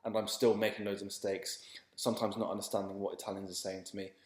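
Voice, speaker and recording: A man's voice: fairly low pitch, quick pace. Easygoing man in an echoey room. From England. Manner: relaxed, chatty, reassuring, repeats words. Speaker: language teacher. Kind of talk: casual spoken lesson.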